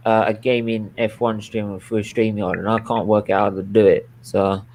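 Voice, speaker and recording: A man's voice: fairly low pitch, level tone, normal speed, vocal fry, darkish tone, slight background noise. Blunt man, trails off. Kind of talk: casual chat.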